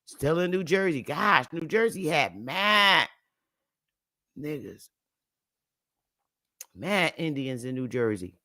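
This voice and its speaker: Slow, bright-voiced woman streamer. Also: low voice, very animated. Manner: loose and profane, laughing often. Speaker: livestream host. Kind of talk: casual livestream commentary.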